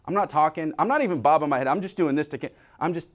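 A man's voice: on the high side, racing. A middle-aged man preaching a humorous sermon, joking and acting out little scenes. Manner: animated, jokey, acts out little scenes. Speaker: pastor.

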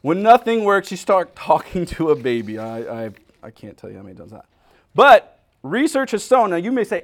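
A man preaching with a bouncy, storytelling energy, his voice swooping up and down as he plays out everyday scenes. His voice sits a touch high for a man, and he keeps turning to his congregation to pull them into the joke. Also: moderate pace. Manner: animated storyteller, acting out scenes; talks directly to the congregation. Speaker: pastor. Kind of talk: humorous conversational sermon.

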